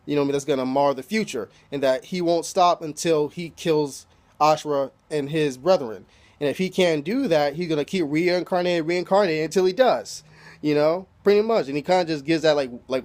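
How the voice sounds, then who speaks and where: A man talking through an anime episode in a loose, rambling way, swearing freely and leaning on "you know" all the time. His voice sits a little on the high side. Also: darkish tone. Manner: loose and profane, heavy "you know" fillers. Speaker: anime reviewer. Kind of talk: casual recap.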